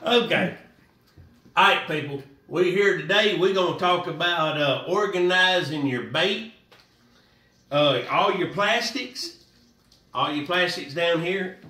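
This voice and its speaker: A man's voice: high-pitched, expressive, unhurried, bright, forceful tone, echoey room, recorded from a distance. A man giving a casual, rambling fishing how-to, repeating himself in a folksy way. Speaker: fishing vlogger.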